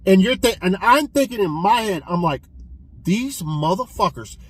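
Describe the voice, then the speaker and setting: A man casually reviewing a film he watched, retelling the plot in an excitable, profane way with many restarts. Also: high voice, a little fast, husky, low-quality recording. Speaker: physical media collector reviewing films.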